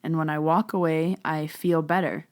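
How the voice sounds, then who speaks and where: Low-voiced chatty woman. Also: steady tone, normal speed. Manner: chatty, many "so" and "like" fillers, hushed when she retells whispered talk. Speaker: psychic medium telling her own story. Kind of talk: casual storytelling podcast.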